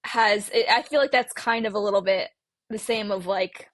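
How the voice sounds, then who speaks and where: Woman podcast guest with a husky, creaky voice, rambling casually, dry close mic. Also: mid-range voice, moderate pace, no echo. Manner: rambling, heavy use of "like", many restarts. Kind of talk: casual book discussion.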